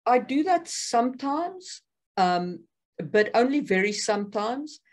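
A woman co-hosting a podcast, chatting casually and briskly, often chiming in with agreement. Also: a little high, big pitch swings. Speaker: podcast co-host. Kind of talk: casual chat.

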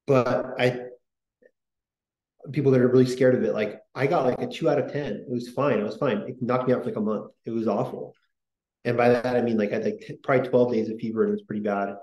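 A man's voice: medium pitch, fairly even intonation, quick pace, a little mellow, reverberant, poor audio. A man hosting a podcast, talking in a casual, rambling way with many fillers and restarts. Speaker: podcast host.

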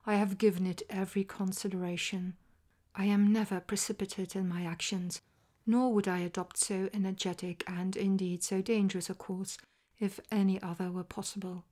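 A cool, self-assured gentleman detective, as a woman puts him on in whispered role-play. Measured and resolute, at a middling pitch for a woman's voice. His words come hushed and soft, close to a breath. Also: flat delivery, lightly acted. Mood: calm resolve.

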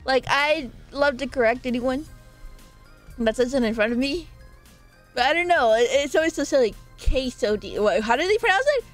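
Young woman streamer, bright high voice, giggly rambling chat, soft music underneath. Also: expressive, moderate pace. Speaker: live streamer. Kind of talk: casual live-stream chat. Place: her own room.

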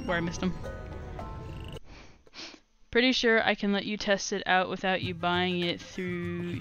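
A woman chatting casually while streaming a game live, rambling and excitable as she talks to viewers. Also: mid-range voice, dull audio. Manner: rambling and excitable, restarts and laughs often. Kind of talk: casual live gameplay commentary.

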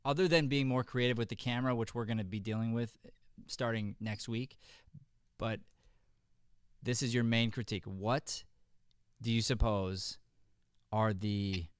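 A male acting teacher talks a student through notes on a video call. His voice is smooth and resonant, heard close and dry with no room sound, and he coaches with friendly restarts. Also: mid-range voice, fairly even intonation, normal speed, long pauses, dry recording. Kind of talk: giving feedback on a video call.

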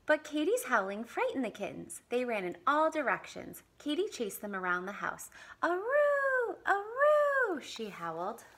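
A woman reading a picture book aloud to young children as a visiting parent, in an animated, expressive way. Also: mid-range voice, breathy edge. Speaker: parent community reader.

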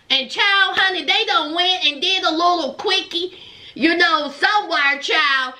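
A woman's voice: very high-pitched, moderate pace, pushed and bright. A woman giving a sassy, gossipy casual recap of a reality show, calling listeners "child" and "honey".

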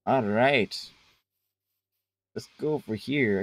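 A man's voice: medium pitch, expressive, moderate pace, breathy edge. A man streaming a game live, chatting playfully and bantering with the game's creatures as he plays. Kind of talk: live gameplay commentary.

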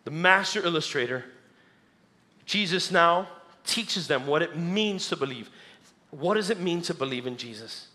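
A man preaching a sermon as pastor, animated, acting out the crowd and dropping low and soft for scripture. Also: normal speed. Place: church sanctuary.

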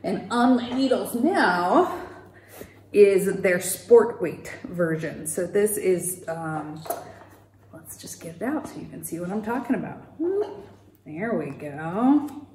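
A woman's voice: fairly low pitch, lively intonation, slow, a little mellow, a little hiss or hum. A woman hosting a knitting podcast, talking casually and rambling a little, with fillers and the odd laugh. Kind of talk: casual knitting video chat. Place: home. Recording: echoey room.

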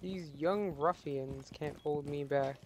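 High-voiced young man joking over game noise. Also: slow pace. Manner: loud, joking, swears freely. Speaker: streamer host. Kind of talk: casual gaming chat. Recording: noisy with game sound effects. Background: game sounds and clicks.

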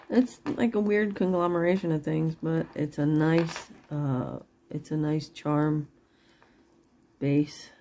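A middle-aged woman chats her way through a jewelry sale in an unhurried, low voice. Her tone is mellow and soft-edged, and she laughs often as she rambles. A faint hiss sits under the recording. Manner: chatty and rambling, laughs often, swears then apologizes. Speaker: online jewelry seller. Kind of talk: casual live-sale chat.

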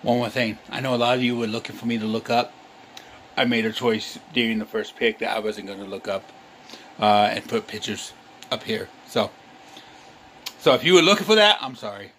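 A man's voice: fairly low pitch, moderate pace, fairly bright tone, a little hiss or hum. Easygoing man rambling through sports picks. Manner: rambling, loose, self-deprecating. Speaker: sports channel host. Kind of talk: casual sports picks vlog.

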